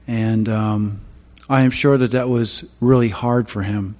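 Male preacher, lowish voice, halting delivery, long hall reverb. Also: steady tone, a little mellow. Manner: halting, many fillers and restarts. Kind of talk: sermon.

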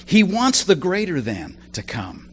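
A male preacher talks through a sermon in an easy, conversational way, full of asides and personal stories. His pitch rises and falls freely as he speaks. A faint hum sits under the recording. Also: wildly swooping pitch, unhurried.

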